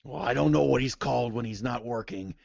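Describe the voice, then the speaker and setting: A man's voice: medium pitch, fairly quick, gravelly, a little mellow, dry recording, dull audio, voice pushed up. A man voicing an angry male half-orc fighter who accuses and grumbles. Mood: grumbling.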